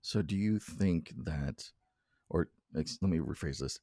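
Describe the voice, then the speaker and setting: A man's voice: a bass voice, measured pace, mellow, no room sound, studio quality. A man co-hosting a podcast in casual chat, teasing his co-host and laughing often.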